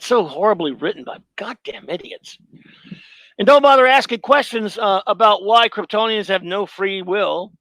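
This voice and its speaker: Brief: male stream host, high voice, rambling sarcastic commentary. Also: lively intonation, moderate pace, sharp tone, dry recording, poor audio. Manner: sarcastic, rambling, self-mocking. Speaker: host reading his own film review. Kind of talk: live stream commentary reading.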